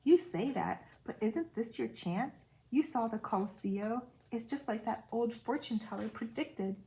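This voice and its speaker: A woman voicing a personified male urge in an audiobook, pushy and whining, shouting and pleading by turns. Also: on the high side, animated, unhurried, slight background noise, rough recording. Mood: urging. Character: pushy lustful male inner urge, whiny.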